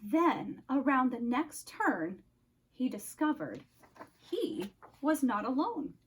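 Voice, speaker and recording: Slow, expressive woman reading a storybook. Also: sits high, slightly rough, low-quality recording. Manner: expressive, slow, dramatic pauses. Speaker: storyteller, counselor. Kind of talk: storybook read-aloud.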